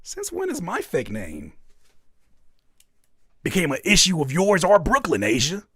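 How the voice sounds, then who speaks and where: A man's voice: a little high, huge pitch swings, unhurried, fairly bright tone, breathy edge, no room sound, studio quality. A man hosting a live music feedback stream, giving frank, profane advice and playing up joking mock outrage at the chat. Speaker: host reviewing music live.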